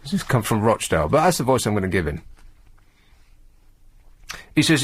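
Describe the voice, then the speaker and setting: A male talk radio host, reading out news items and mocking them with rambling, sarcastic asides. His pitch rises and falls a lot as he talks. The sound is dry and close to the mic. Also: big pitch swings, moderate pace, long pauses, husky, dry recording. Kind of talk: late-night radio monologue. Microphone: studio microphone.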